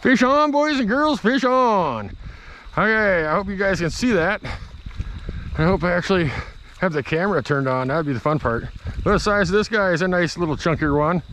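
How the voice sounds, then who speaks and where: A man vlogging outdoors by a creek, chatting in a casual, excitable, rambling way. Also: fairly high pitch, brisk, slight background noise. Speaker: fishing vlogger. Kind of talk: casual outdoor vlog chat.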